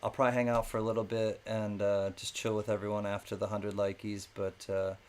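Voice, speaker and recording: A man's voice: lowish voice, flat delivery, brisk. Chatty male live-stream auctioneer. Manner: chatty, thanks viewers by name, drops into sing-song calls.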